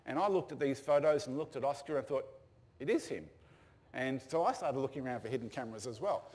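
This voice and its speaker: A man's voice: mid-range voice, fast talker, a little mellow. Older man telling a story. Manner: casual anecdotal storytelling with fillers. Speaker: speaker telling stories. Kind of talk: storytelling talk.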